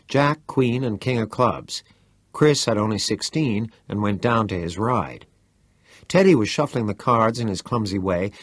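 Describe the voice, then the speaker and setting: A man's voice: lowish voice, slightly rough, dry recording, studio quality. A man reading a novel aloud in the first person, telling the story expressively. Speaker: audiobook narrator.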